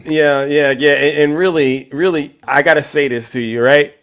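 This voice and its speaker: A man with a slightly higher voice hosts a live stream. He argues with callers and keeps turning back to his chat audience in a combative way. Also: fairly even intonation, moderate pace, a bit bright. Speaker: livestream host.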